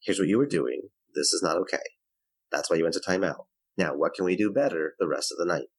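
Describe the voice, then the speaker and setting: A man's voice: low voice, fast, husky, no room sound, rough recording. A man talking as a guest on a parenting podcast, explaining in a coaching tone. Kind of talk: podcast interview.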